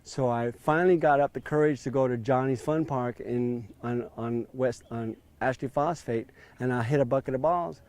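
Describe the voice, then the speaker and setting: A man's voice: mid-range voice, moderate pace, hardly any pauses, darkish tone. A man in his fifties telling his story in an interview, acting out quoted dialogue with a raised voice. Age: 50s.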